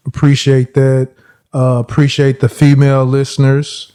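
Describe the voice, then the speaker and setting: A man's voice: medium pitch, monotone, a little slow, warm tone, clean tone. A man hosting a casual sports podcast, slangy and laid-back, chuckling often. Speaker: podcast host.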